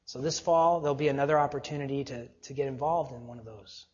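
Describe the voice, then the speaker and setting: A male pastor preaching a sermon, earnest and exhorting, often dropping to a low, quiet voice for emphasis. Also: quick pace, long reverb tail, dull audio.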